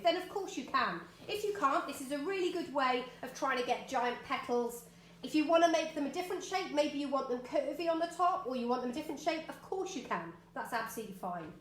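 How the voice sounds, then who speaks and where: A middle-aged woman teaching art live from her home studio chats and encourages her viewers as she draws, her voice bright and high-pitched. The roomy space gives an echo, and there's a little hiss or hum in the recording.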